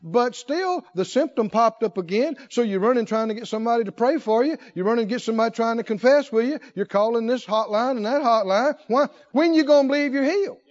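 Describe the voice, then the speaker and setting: A man preaching a sermon in an animated way, firing rhetorical questions and breaking into laughter. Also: very high voice, brisk, few pauses. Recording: dull lo-fi recording.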